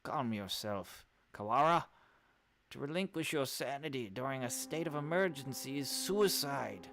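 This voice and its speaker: Casting: man putting on a scornful, fake-French-accented bird aristocrat, swinging pitch. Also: lively intonation, normal speed, creaky, a bit bright, slight background noise. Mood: stern. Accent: put-on French. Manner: imperious, scornful. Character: haughty aristocratic male bird student council president.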